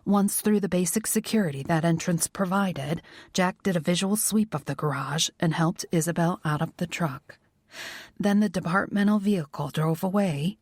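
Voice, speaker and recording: A woman narrating a romance audiobook in a soft, measured reading. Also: fairly low pitch, dry recording, clean studio sound. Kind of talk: scripted narration.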